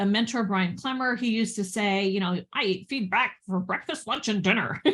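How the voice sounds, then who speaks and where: A woman business coach talking casually about communication, chatty, with frequent "right?" and "you know" and laughs between points. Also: on the high side. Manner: chatty, lots of fillers and tag questions.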